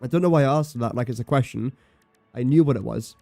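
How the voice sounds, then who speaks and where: A man's voice: medium pitch, fast talker, gravelly, a little mellow, soft background music. A man streaming a building game, chatting casually and thinking aloud as he counts, does sums and teases himself. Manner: thinks aloud, counts and does sums under his breath, self-mocking. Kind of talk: casual live-stream commentary.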